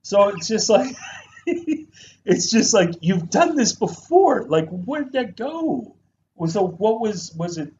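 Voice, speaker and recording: A man co-hosting a casual movie review show, talking in an animated, profane way and mimicking actors. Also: high-pitched, takes it slowly. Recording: dull lo-fi sound with faint noise.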